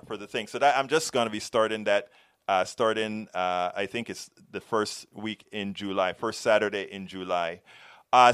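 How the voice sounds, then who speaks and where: The speaker is a middle-aged Panamanian man with a Panamanian accent and a smooth, mid-range, fairly bright voice. He hosts a political show, reading viewer comments during a live stream in a rambling way, frequently restarting and tripping over words.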